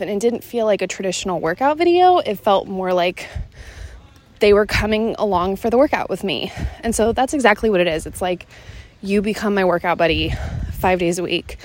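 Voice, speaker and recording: With a medium-pitched voice and no echo, a Seattle woman talks through her casual solo podcast during an evening walk. The podcast host and fitness coach is slightly out of breath and rambles chattily, dropping "like" into almost everything she says.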